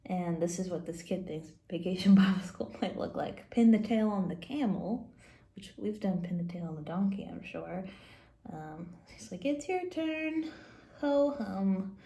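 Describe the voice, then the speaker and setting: A woman teaching Sunday school who reads a silly picture book aloud to children, playful and quick to giggle. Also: fairly low pitch, creaky, warm tone. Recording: roomy echo.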